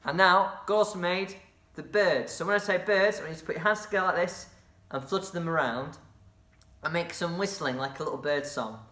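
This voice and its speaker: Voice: medium pitch, fairly quick, sharp tone, roomy sound. A drama workshop leader guiding children through a movement game, encouraging them and making playful sound effects.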